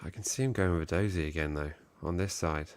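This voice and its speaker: Low gravelly Englishman on a live stream. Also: a little fast, no echo. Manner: jokey, reads chat aloud, chuckles and trails off. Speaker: co-host of a football fan show. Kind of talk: casual live-stream chat.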